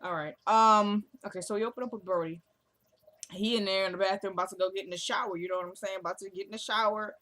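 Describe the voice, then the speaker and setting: A young woman hosting a casual vlog recap of a TV episode, chatty and slangy, acting out the characters' lines in quick quotes. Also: medium pitch, fairly even intonation, a bit bright. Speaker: show recap host.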